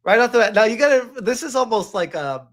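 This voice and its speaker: High-voiced exasperated host man. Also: lively intonation, quick pace. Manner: agreeing loudly, lots of "yep", exasperated. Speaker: stream host. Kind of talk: casual reaction chat.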